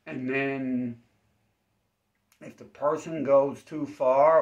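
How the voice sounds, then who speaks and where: Deadpan man rambling darkly. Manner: acts out exchanges with sudden high-pitched voices; laughs at his own dark jokes. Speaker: self-defense channel host. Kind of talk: rambling deadpan dark-comedy monologue. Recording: slightly dull, lo-fi recording.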